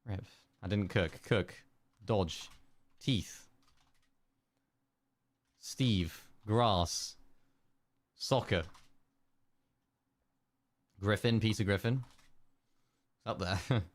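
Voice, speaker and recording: A man's voice: fairly low pitch, drawn-out words, long pauses, no room sound. A young man streaming live, muttering one-word guesses to chat, keyboard clicks behind. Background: keyboard clicks and typing.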